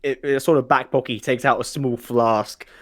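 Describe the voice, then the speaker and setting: A man running a tabletop role-playing game as game master, talking in a halting way with many fillers and restarts. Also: medium pitch, fairly even intonation. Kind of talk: narrating a tabletop game over voice chat.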